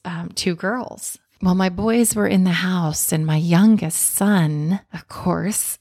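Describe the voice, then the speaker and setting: A woman's voice: lowish voice, a little mellow, no room sound, studio quality. A woman, a mother, telling an earnest, self-reflective personal story in a candid, confessional way.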